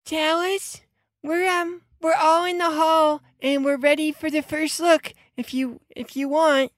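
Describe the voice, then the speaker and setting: A woman's voice: high voice, level tone, measured pace, dry recording, clean studio sound. A woman improvising in a comedy show, talking hesitantly with many ums. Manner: hesitant, fidgety, lots of ums. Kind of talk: improvised comedy role-play.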